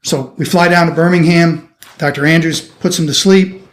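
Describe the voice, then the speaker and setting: A middle-aged surgeon from the United States telling a lively anecdote in an interview, acting out the people he quotes. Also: on the high side, normal speed. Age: 50s. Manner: animated anecdotal storytelling, acting out quoted voices. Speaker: orthopedic surgeon guest. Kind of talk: storytelling interview.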